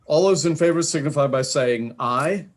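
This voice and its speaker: A man chairing a legislative committee session, calling votes in a brisk, procedural way with dry jokes. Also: a little high. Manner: brisk, procedural, dryly joking.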